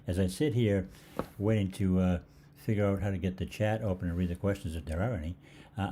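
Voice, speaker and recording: A man's voice: deep voice, mellow, slight background noise. An older man hosting a live health Q&A, telling rambling stories with lots of fillers and restarts. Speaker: holistic health host. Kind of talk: live Q&A storytelling.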